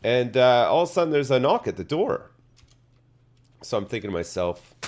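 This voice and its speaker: Deadpan streamer, low voice, rambling comic yarn, faint hiss behind. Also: male voice, brisk. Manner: deadpan tall tale, swearing, lots of fillers. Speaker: streamer telling a made-up story.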